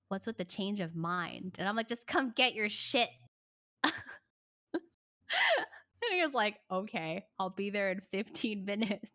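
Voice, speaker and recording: A young woman streamer casually telling a story to her chat, animated and laughing, acting out the voices of the people in it. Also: mid-range voice.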